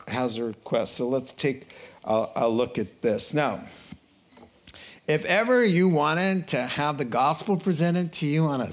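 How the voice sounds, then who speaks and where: A man preaching a sermon in an animated way, acting out the voices of a crowd and rising into excited bursts. His voice sits a little high for a man.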